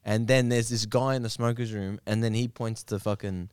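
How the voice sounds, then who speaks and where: A young man with an Australian accent in casual podcast chat, teasing his friend and doing quick impressions of other people. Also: fairly low pitch, fairly even intonation, a little mellow, clear, resonant tone, dry recording, studio quality. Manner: teasing, mimics others' voices. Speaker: podcast co-host.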